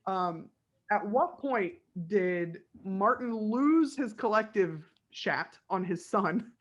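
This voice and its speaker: A woman's voice: medium pitch, slow, lo-fi sound. A woman co-hosts a fan podcast in a loose, chatty way. She slips into playful voices to quote scenes and laughs easily along the way. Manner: animated, laughs often, acts out quotes. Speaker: podcast co-host. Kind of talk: casual fan discussion.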